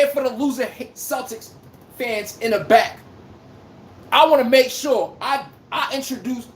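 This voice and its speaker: A woman's voice: high-pitched, expressive, measured pace, roomy sound. A woman hosting a casual sports livestream, ranting, trash-talking and reading out chat comments. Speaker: livestream host.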